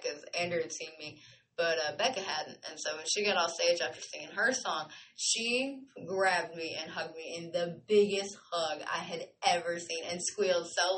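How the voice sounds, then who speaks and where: A woman of about thirty rambles through stories on her podcast, chatty and animated. Her voice is bright and forward. She tosses in playful asides as she talks. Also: fairly low pitch, a little hiss or hum. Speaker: podcast host. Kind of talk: casual storytelling monologue.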